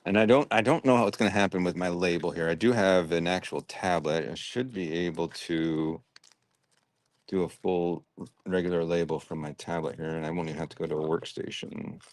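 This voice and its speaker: A man's voice: deep voice, fairly even intonation, fairly quick. A man hosting a livestream, chatting casually and thinking aloud while he sorts and packs orders. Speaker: livestream host sorting and packing toy brick orders. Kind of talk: casual chat while working.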